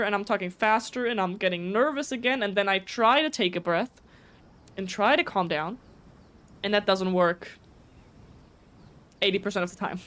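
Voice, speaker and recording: A woman whose first language is German, chatting casually on a live stream, talking fast with frequent stutters and restarts. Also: mid-range voice, fairly bright tone.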